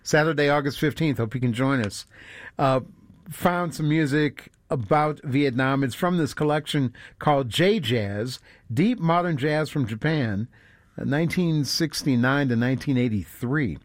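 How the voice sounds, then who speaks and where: A man's voice: medium pitch, moderate pace, no echo. A laid-back man co-hosts a radio show, teasing his partner before he announces the music. His voice sits in the middle range. It sounds dry and close to the mic. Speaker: radio co-host. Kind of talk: casual radio chat.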